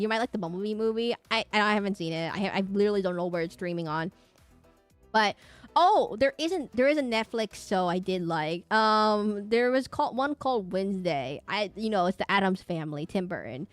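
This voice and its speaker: A woman's voice: mid-range voice, animated, a little fast, no room sound, faint music behind. A woman streamer chatting casually and rambling from topic to topic at her home setup.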